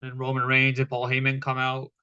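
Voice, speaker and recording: A man's voice: medium pitch, monotone, a little fast, pushed and bright, clean tone, muffled recording. A man giving a casual, profane recap of a wrestling show, with lots of fillers.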